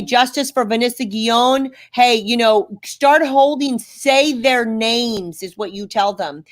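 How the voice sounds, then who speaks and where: A woman hosting a political webcast, urging her listeners to act. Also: a little high. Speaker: host.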